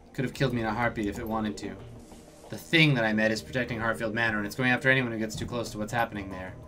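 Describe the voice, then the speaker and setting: A man's voice: lowish voice, steady tone, very fast, sharp tone, faint music behind. A man voicing a seasoned woman information broker in a video game. He reads her report in a matter-of-fact way.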